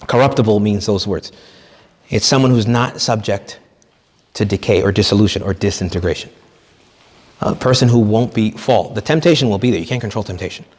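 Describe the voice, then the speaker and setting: A man's voice: fairly low pitch, normal speed, pauses often, darkish tone. Priest, male, chatty retreat sermon with jokes, long hall reverb. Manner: conversational, joking, acts out quoted people. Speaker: priest giving a retreat talk.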